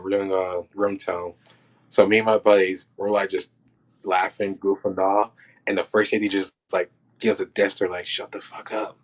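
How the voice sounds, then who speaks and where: A man who works on film crews tells casual stories from set as a podcast guest, acting out quotes and reactions. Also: on the low side. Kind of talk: casual storytelling. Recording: dull lo-fi sound.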